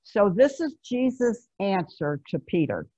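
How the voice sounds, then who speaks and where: Slow, husky-voiced woman pastor preaching. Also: medium pitch, big pitch swings, mellow. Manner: conversational, emphatic storytelling preacher. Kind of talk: sermon. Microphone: video call. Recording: dull lo-fi video-call recording.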